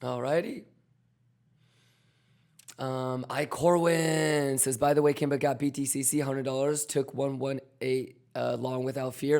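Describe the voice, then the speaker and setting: A man hosting a trading livestream, loud and swaggering, swearing and chanting, his voice hoarse and almost gone. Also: medium pitch, steady tone, unhurried. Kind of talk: hyped livestream chat. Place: home.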